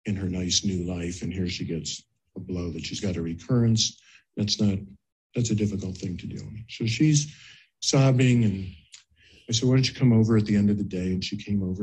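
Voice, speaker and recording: A man with a low, slightly husky voice recounts a therapy case. He speaks calmly and unhurriedly, in the measured manner of a clinician telling a story. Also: low-quality recording. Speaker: guest therapist.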